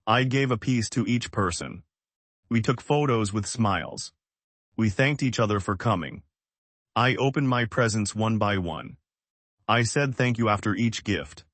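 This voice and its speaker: A man reading a simple, scripted English lesson and asking learners to repeat after him, in plain, even sentences. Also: lowish voice, unhurried, no echo. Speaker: English teacher.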